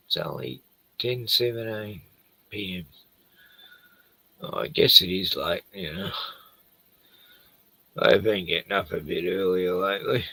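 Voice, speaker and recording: A man's voice: deep voice, unhurried, gravelly, long pauses, sharp tone, husky, dry recording, poor audio. A middle-aged man chatting casually on a late-night stream, tired and rambling, trailing off often and swearing a lot.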